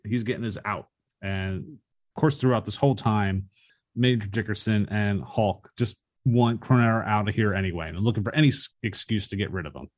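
A man co-hosting a casual movie podcast, calmly recounting plot points and favorite moments. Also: lowish voice. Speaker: podcast co-host.

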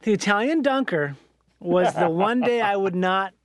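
Easygoing man, casual chat, high voice, dry close mic, profane and animated. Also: normal speed, dry recording.

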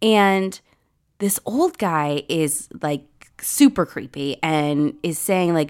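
Animated woman podcast host. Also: deep voice, takes it slowly, smooth. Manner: animated, acts out quoted dialogue, frequent "like". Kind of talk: casual chat, storytelling.

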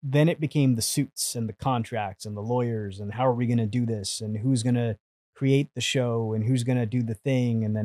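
A man telling stories as a podcast guest, animated and profane, acting out the people he quotes. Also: medium pitch, brisk, no room sound. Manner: animated, swears freely, acts out quotes. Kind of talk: casual storytelling.

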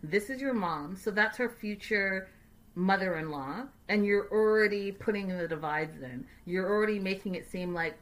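A woman hosting a casual livestream recap, chatty, animated and sassy. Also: medium pitch, normal speed. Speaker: host.

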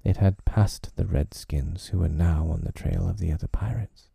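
A man narrating a storybook in a measured, deliberate reading. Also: low voice, gravelly, warm tone, husky, no echo, clean studio sound.

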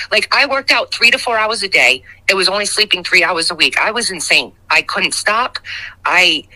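A middle-aged woman giving a raw, emotional personal testimony as a guest, halting and recounting painful memories. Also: mid-range voice, bright, forceful tone, rough recording.

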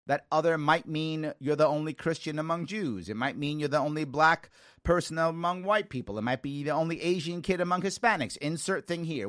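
A man in his forties from the Bronx, hosting a talk show and telling stories with lively quoted voices. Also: a little high, no echo, studio quality. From New York (the Bronx). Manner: animated storytelling with quoted voices.

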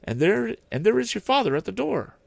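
A man voicing a grieving, gentle Victorian mother in a raised, soft voice while reading a storybook. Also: high-pitched, sing-song, brisk, vocal fry, no echo, voice pushed up, full character voice. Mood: tender.

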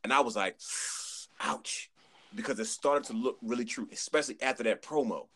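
A man chatting on a podcast, telling an animated story, acting out quotes and repeating words as he goes. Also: medium pitch, moderate pace. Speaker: podcast guest. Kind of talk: casual chat.

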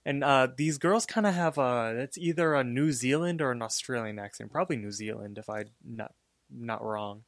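A man co-hosting a podcast talks through a cartoon episode in a loose, filler-heavy way. His voice sits in a middle pitch and the recording is dry and close. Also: normal speed, no room sound. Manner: relaxed, filler-heavy storytelling. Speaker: podcast co-host. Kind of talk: casual episode recap.

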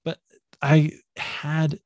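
A man with a warm, mellow voice tells a story in a relaxed, animated way, jumping up in pitch whenever he acts out what someone said. The sound is dry and close. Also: extremely slow, no room sound. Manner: animated, acts out quoted speech with jumps in pitch. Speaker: podcaster and guest. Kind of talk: casual storytelling in an interview.

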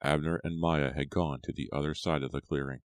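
Very deep-voiced male audiobook narrator. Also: steady tone, brisk, no echo. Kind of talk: scripted narration.

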